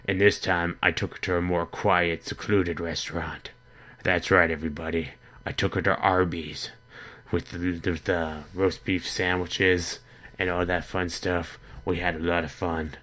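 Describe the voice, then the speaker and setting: A man telling an absurd story in a deadpan, rambling comic monologue, with stammering restarts. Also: low-pitched, a little slow. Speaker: comedy vlogger in character.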